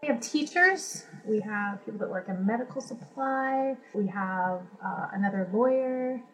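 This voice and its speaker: A woman being interviewed, talking casually in a relaxed way with small hesitations. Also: a little high, normal speed, slight background noise, low-quality recording.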